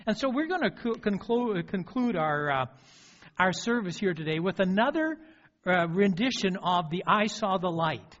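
A man's voice: high voice, expressive, normal speed, a bit bright. A male pastor giving a sermon. He tells a story with frequent restarts and fillers. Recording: dull lo-fi recording.

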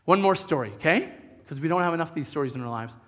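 A middle-aged man preaching a sermon as a pastor, telling stories in an animated, chatty way with many restarts. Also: a little high, rapid-fire. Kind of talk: storytelling sermon. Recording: long hall reverb.

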